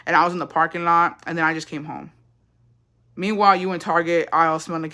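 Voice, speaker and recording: Bright-voiced woman telling a story bluntly. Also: low-pitched, quick pace. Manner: blunt, profane, mixes Spanish phrases, animated retelling. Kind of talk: casual storytelling chat.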